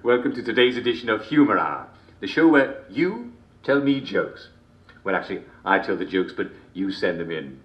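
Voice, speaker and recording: A chuckling English TV host. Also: male voice, on the low side, big pitch swings, moderate pace, lo-fi sound. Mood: jovial. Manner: theatrical, chuckling constantly between lines. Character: jovial, sinister male TV comedy show host. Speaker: show host. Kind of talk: scripted video game character performance. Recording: roomy echo.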